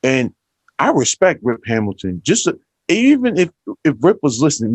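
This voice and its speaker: A man's voice: mid-range voice, very animated, normal speed, no echo. Chatty male co-host, dry sound. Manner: chatty, lots of "you know" fillers. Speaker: podcast co-host. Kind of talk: casual chat.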